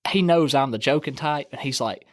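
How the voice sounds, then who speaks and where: Young guy, chatty fishing story, dry close sound, middle pitch. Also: brisk, dry recording. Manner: animated storyteller, acts out quoted friends. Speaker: guest angler telling a fishing story. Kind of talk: casual storytelling.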